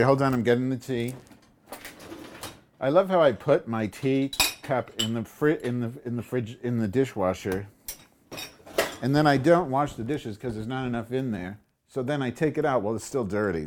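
Over a noisy background, a mid-range male voice comes through a computer microphone as he runs a rambling live stream indoors at home. The host is profane and sarcastic, jokingly insulting his viewers and muttering to himself while making tea.

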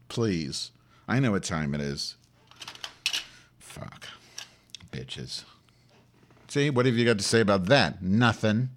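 On a rambling home live-stream, a webcam host with a lowish, expressive voice talks at a measured pace, making tea and muttering to himself. His tone is profane and sarcastic, full of mock insults aimed at viewers, recorded indoors through a computer mic.

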